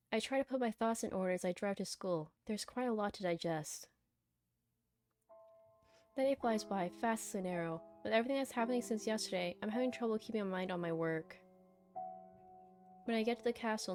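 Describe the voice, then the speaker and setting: A woman streamer reads a visual novel aloud. Her middle-pitched voice moves from steady narration into blunt, animated asides, with soft game music running faintly underneath. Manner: animated, blunt outbursts between calm reading. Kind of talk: reading a visual novel aloud with live reactions.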